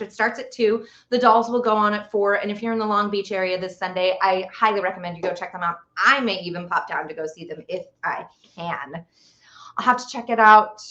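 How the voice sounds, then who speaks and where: A woman's voice: medium pitch, fairly bright tone, reverberant, muffled recording. A woman hosting a casual live stream, chatting with viewers and reading out their comments. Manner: chatty, reads out viewer comments, stumbles over long words. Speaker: livestream host.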